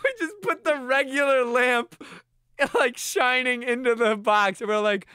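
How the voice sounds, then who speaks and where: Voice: high voice, unhurried, sharp tone, clear, resonant tone, no room sound. A person in their twenties telling a story in casual chat, laughing often and acting out what people said.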